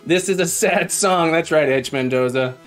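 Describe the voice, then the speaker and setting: A man's voice: a little high, normal speed, soft background music. A man live-streaming while he codes, chatting casually and thinking aloud as he debugs, with a self-mocking manner.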